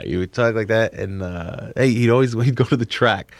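A young comedian from New Jersey chats in an interview, tripping over restarts and spilling stories. His voice sits low with a gravelly edge. The recording is dry and close. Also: a little fast, hardly any pauses, dry recording. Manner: rambling, excitable, lots of laughs and restarts. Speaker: comedian guest. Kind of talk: casual interview chat.

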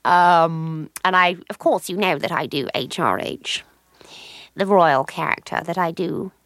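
A woman's voice: lowish voice, a little slow, fairly bright tone, dry recording. A woman being interviewed, chatting animatedly, laughing often and trailing off mid-sentence. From England. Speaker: comedian and guest. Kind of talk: casual interview chat.

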